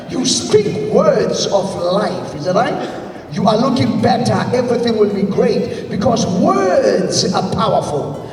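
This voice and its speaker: A motivational speaker with a strikingly high voice, pressing his points home and drilling the audience with call-and-response. He is heard from a distance in a large congress hall, wrapped in heavy, long reverb, with faint music underneath. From South Africa. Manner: emphatic, drills the audience with repeat-after-me lines. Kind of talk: motivational leadership seminar talk.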